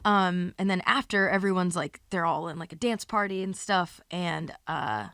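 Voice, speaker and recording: A woman comedian hosting a podcast, spinning a long, animated, profane anecdote in casual chat. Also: fairly low pitch, normal speed, no echo, clean studio sound.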